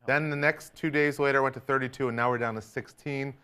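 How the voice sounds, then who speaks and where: A man in a casual chat, calmly explaining in an easygoing way. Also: medium pitch, quick pace, smooth.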